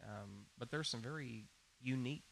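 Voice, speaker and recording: A man's voice: mid-range voice, moderate pace, gravelly, fairly bright tone. A man from Arkansas co-hosting a podcast, chatty and casual, trailing off and restarting. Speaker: podcast co-host. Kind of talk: casual chat.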